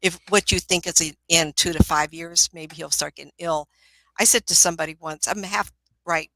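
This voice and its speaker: A woman's voice: sits low, fairly even intonation, normal speed, fairly bright tone, dry recording, low-quality recording. An older woman working as a psychic medium, giving readings in a casual, chatty, motherly way on a live stream. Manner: chatty, motherly, calls people honey.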